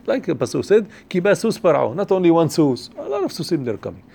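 Fast-talking man teaching Torah. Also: fairly high pitch, sing-song, creaky, mellow, husky. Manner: quick, repeats himself and restarts, chanting Hebrew verses fast. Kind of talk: Torah class on the weekly portion.

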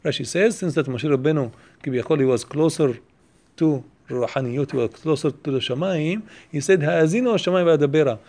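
Man, somewhat high voice, teaching a Torah lesson, questioning, repeats himself, fast Hebrew quotes. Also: a little mellow. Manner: questioning, explains step by step, repeats phrases; quotes Hebrew passages quickly.

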